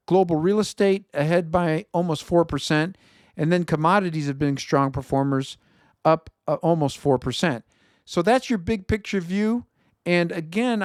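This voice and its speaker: A man's voice: high voice, smooth, no room sound, studio quality. A man from Chicago with a Chicago accent hosting an investment show, talking casually through market commentary and correcting himself as he goes. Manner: conversational, reads viewer feedback, self-correcting.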